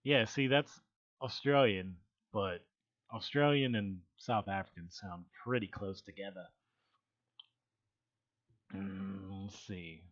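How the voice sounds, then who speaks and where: A man's voice: sits low, fairly even intonation, slow pace, pauses often, no room sound, muffled recording. A man streaming from a basement, joking with his chat and trying out goofy British voices. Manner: jokey, tries out silly British voices. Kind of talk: casual live-stream chat with chat readings. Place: basement room. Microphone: headphones on, desk mic.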